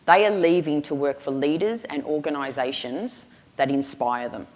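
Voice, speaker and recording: A woman speaks from the stage in a low, grounded voice. Her delivery is punchy and humorous, leaning on emphatic rhetorical questions. The sound carries a long reverb from a large hall. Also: moderate pace, darkish tone. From Australia. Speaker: keynote speaker. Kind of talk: storytelling keynote speech.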